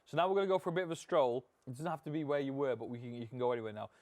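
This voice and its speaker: A man's voice: mid-range voice, racing, a little mellow, no echo. A man co-hosting a podcast, leading the chat with playful questions. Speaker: podcast co-host leading the segment. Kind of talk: casual chat.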